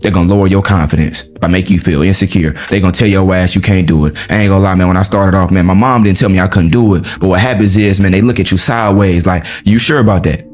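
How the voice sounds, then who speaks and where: A man hosting a podcast, giving a blunt motivational monologue in profane street slang, jumping from high exclaims to low, heavy emphasis. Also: fairly even intonation, quick pace, hardly any pauses, a little mellow, faint music behind. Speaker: podcast host.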